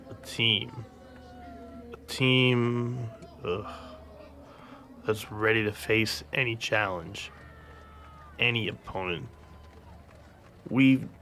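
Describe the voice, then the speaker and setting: A man playing an uninspiring soccer coach who gives a halting, monotone pep talk full of fillers. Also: on the low side, slight background noise.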